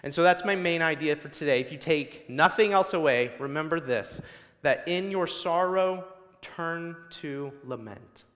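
A man's voice: fairly high pitch, a little slow, fairly bright tone, long reverb tail. A male guest preacher delivering a sermon in a church, building emphasis through repetition. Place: church sanctuary.

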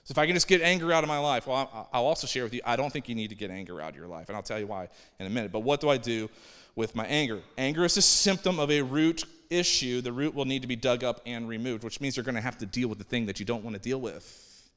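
A man preaches in an easygoing, conversational way, now and then dropping into the voices of people he quotes. His voice sits at an ordinary middle pitch. The sound has the long reverb of a large church hall. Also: fast, fairly bright tone, clean tone. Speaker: pastor. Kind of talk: sermon. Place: church sanctuary.

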